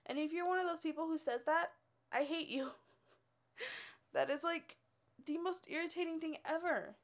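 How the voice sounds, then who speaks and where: A woman's voice: extremely high pitch, moderate pace. A young woman who is a former hairstylist, telling work stories in a casual, blunt, swearing rant and laughing often.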